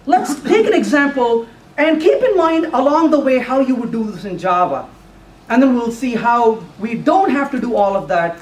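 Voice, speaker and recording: Man lecturing on programming, high voice, bouncy animated delivery, echoey room, picked up from far off. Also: slight background noise. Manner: animated, playful, voices the compiler in mock quotes. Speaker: conference speaker. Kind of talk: technical talk with live coding. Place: lecture room at a user group meeting.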